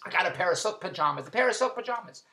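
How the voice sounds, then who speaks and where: A man's voice: high-pitched, expressive, pushed and bright, slight background noise. A middle-aged man giving a comic birthday monologue for his wife, firing off old-school one-liners and repeating the punchlines. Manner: rapid-fire old-school joke telling, repeating punchlines. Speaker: husband sending a birthday message. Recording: echoey room.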